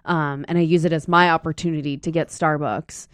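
A woman's voice: deep voice, steady tone, fairly quick, dry recording, clean studio sound. A young woman chatting casually, telling stories and acting out kids' voices in quotes. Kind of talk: casual chat.

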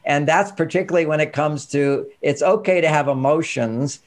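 A man coaching parents on emotions, telling stories and acting out the dialogue in an animated way. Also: on the high side, moderate pace. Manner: animated storytelling, acts out dialogue. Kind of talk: instructional talk with anecdotes.

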